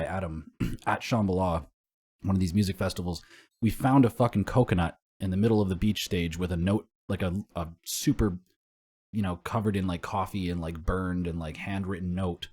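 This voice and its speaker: Young man, low voice, casual podcast co-host, rambling, swears a lot. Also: a little fast, darkish tone, slightly rough. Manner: rambling storyteller, swears and laughs often.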